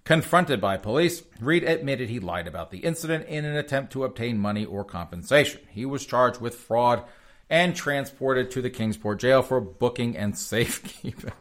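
A man's voice: mid-range voice, expressive, moderate pace, fairly bright tone. A man hosting a sarcastic news commentary show, rambling and chuckling as he addresses his audience as folks. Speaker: host.

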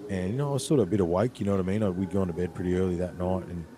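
An Australian man telling a camping story in a relaxed, drawn-out way, filling pauses with "you know.". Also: low-pitched, background noise. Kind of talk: casual storytelling.

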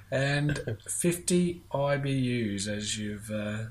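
A man's voice: mid-range voice, lively intonation, drawn-out words. An easygoing man chats through a beer tasting on a podcast. He reads the tasting notes aloud and laughs at his own stumbles. His voice sits in the middle range, with a faint background hum. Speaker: podcast co-host. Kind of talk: casual beer-tasting chat.

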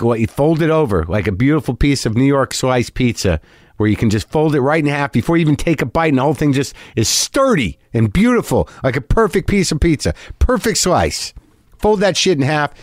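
A man hosting a podcast, talking in a rambling, profane, animated and self-deprecating way from a home studio. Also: mid-range voice, no echo. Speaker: podcast host. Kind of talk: monologue and casual interview.

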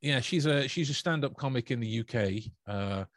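A man's voice: mid-range voice, animated, moderate pace, no echo. A man, co-hosting a podcast in rambling, chatty conversation full of restarts. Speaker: podcast co-host. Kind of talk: casual podcast chat.

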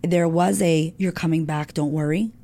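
A middle-aged woman speaks with a low, mellow voice that has a gravelly edge. She tells her own story frankly and with emotion, swearing freely as she goes. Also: steady tone, normal speed. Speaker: guest. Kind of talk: candid personal storytelling.

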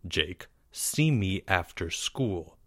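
Brief: man playing a cold, curt teacher, crisp bright tone, slow. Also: medium pitch, no room sound, clean studio sound. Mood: stern. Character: stern, cold male schoolteacher.

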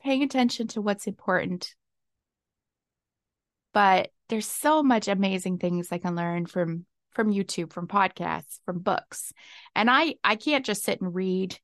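A woman's voice: medium pitch, a little slow, no room sound, clean studio sound. A woman hosting her own podcast, talking casually and exuberantly, laughing often. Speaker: podcast host. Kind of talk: casual solo podcast talk. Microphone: desk mic.

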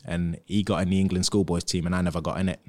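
Very deep-voiced man telling stories. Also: quick pace. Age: 30s. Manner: animated anecdotes, acting out what others said. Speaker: podcast guest, former footballer. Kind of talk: casual storytelling.

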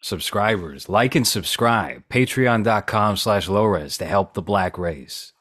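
A man co-hosting a podcast in casual chat, dropping wry, quick quips. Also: on the low side, expressive, fairly bright tone, no room sound, clean studio sound. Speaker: podcast co-host.

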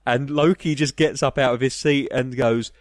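A man's voice: mid-range voice, fairly even intonation, moderate pace, no room sound, clean studio sound. A man co-hosting a casual film podcast, rambling with many fillers and laughing at the jokes. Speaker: podcast co-host.

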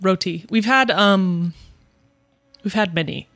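A woman's voice: mid-range voice, takes it slowly, a bit bright, dry recording. A young adult woman co-hosting a casual podcast chat, with dry, wry remarks. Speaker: podcast co-host.

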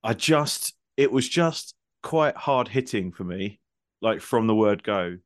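A low-voiced man on a comedy podcast lays on sarcastic, mock-solemn praise for a friend's story. His voice sounds dry and close-miked. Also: lively intonation, slow pace, no echo. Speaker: podcast co-host. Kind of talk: casual banter among friends.

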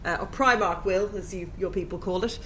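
A woman's voice: mid-range voice, fairly quick, background noise. A woman chatting casually on a panel, rambling and laughing at herself. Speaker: podcast panelist. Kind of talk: casual chat. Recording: lively crowd chatter behind.

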